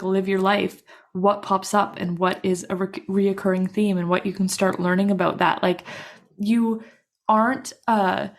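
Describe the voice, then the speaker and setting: A woman's voice: medium pitch, a little mellow. A woman co-hosting a podcast in casual chat, earnest and encouraging, with frequent "like" fillers. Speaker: podcast co-host.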